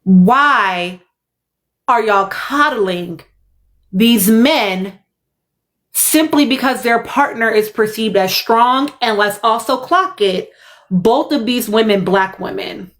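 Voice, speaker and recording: A woman's voice: a little high, lively intonation, takes it slowly, fairly bright tone. A young adult woman, hosting a casual commentary livestream, emphatic and fond of repeating her points. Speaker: livestream host.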